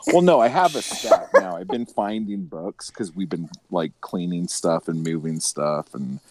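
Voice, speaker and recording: A man co-hosting a casual podcast chat, swearing freely and laughing loudly at his own jokes. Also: sits low, lively intonation, a little slow, a crowd in the background. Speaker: podcast co-host.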